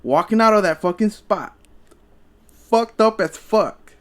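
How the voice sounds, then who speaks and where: A man's voice: high voice, lively intonation, measured pace. A young man hosting a podcast, telling stories in casual chat, profane and rambling with lots of stammered restarts. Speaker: podcast host.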